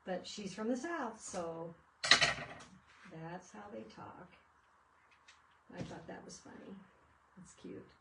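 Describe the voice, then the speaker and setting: A woman's voice: medium pitch, expressive, slow pace, creaky, pauses often, very noisy. Chatty woman in an echoey room. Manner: chatty, rambling storyteller. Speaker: craft video host. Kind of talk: casual crafting chat. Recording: echoey room, mic at a distance.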